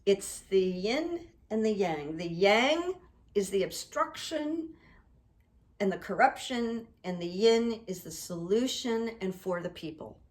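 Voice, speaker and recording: A middle-aged woman hosting her own video channel, talking in a rambling, earnest way to camera and reading quotes out slowly. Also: medium pitch, expressive, darkish tone. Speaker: psychic coach and YouTube host. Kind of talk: casual to-camera monologue.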